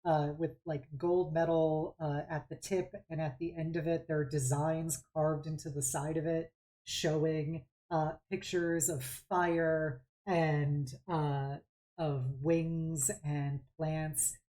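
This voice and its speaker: A woman with a low, mellow voice runs a tabletop role-play as game master. She describes scenes slowly and haltingly, padding her speech with fillers as she works out each detail. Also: flat delivery. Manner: rambling, hesitant description full of fillers.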